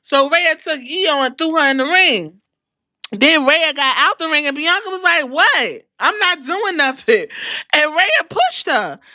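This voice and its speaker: A woman hosting a podcast, recapping wrestling in a casual, animated and profane way. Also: high voice, a little slow, no echo, studio quality. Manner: animated, profane, acts out quotes. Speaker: podcast host.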